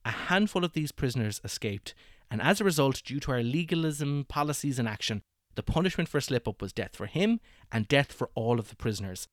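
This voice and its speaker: A man tells history in casual podcast chat, laughing often and slipping into quick voices for the people in the story. His voice sits at a middling pitch and sounds dry and close to the mic. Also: no echo. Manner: animated, laughs often, acts out quotes. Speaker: podcast host telling history.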